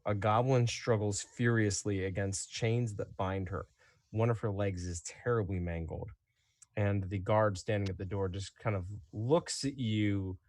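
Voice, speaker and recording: Man, game master, low voice, dry close sound, relaxed chatty narration. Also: dry recording.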